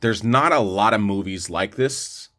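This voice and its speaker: A man's voice: fairly low pitch, measured pace, a bit bright. A man co-hosting a podcast, casually reviewing films in an opinionated, rambling way with lots of restarts. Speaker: podcast co-host, film reviewer. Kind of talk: casual movie review chat.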